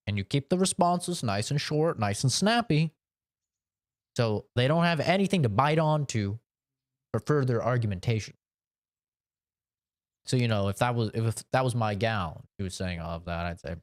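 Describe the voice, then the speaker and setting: A man's voice: mid-range voice, very animated, moderate pace, long pauses, dry recording, clean studio sound. A young man streaming a game, giving mock-serious life advice in a joking, preachy way. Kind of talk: casual gameplay commentary.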